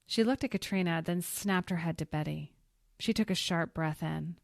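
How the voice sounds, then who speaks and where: Woman reading a story, lowish voice, calm and even, dry close sound. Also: moderate pace, vocal fry, no room sound. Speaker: narrator. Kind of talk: scripted audiobook narration.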